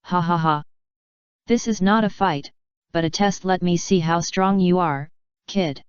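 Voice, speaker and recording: A woman's voice: fairly low pitch, measured pace, clean tone, no echo, lightly acted. A woman voicing a boastful, mocking adult male pirate in a sneering manner. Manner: sneering, laughing. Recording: dry, slightly dull recording.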